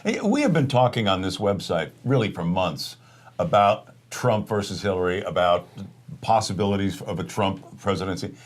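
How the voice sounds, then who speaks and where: A man's voice: low-pitched, normal speed. A man co-hosting a casual political talk show, steadily setting up topics and answering his partner with short agreements. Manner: steady, conversational, leads topics with brief agreements. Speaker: co-host.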